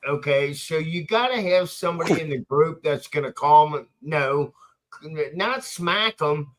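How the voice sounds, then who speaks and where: Emphatic man, slightly high voice. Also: expressive, a little slow, a bit bright. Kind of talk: casual podcast chat.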